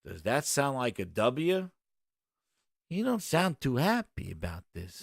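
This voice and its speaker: A man's voice: mid-range voice, wildly swooping pitch, takes it slowly, vocal fry, no room sound, clean studio sound. A man hosting a gaming show, ranting with sarcasm and exasperation in casual commentary.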